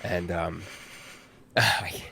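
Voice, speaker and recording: A man, a voice actor guest on a live-stream interview, talking earnestly and haltingly with many restarts. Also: low-pitched, steady tone, vocal fry, pushed and bright, husky.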